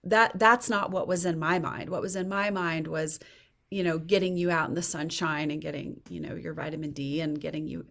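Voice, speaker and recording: A woman in her forties speaks as a therapist guest in a podcast interview. Her voice sits a little low, and she talks thoughtfully, often stopping and restarting as she hunts for an example. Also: fairly even intonation, normal speed, gravelly, a bit bright.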